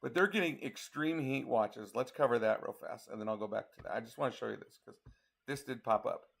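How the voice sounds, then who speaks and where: Male storm chaser from Colorado, gravelly, tired, casual live forecast talk. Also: mid-range voice, a little fast, fairly bright tone. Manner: talks through model maps, counting hours aloud. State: tired, yawning. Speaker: storm chaser giving a weather update. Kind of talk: casual live weather briefing.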